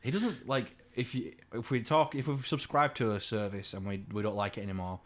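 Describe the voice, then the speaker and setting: A man's voice: fairly even intonation, brisk. A young man, co-hosting a podcast in casual, sweary chat and mimicking his father. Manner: swears freely, imitates his dad with raised pitch. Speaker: podcast co-host.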